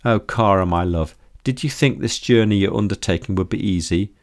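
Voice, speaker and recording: A man voicing a gentle, motherly woman who speaks soothingly and affectionately. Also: low voice, moderate pace, no echo, clean studio sound. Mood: tender.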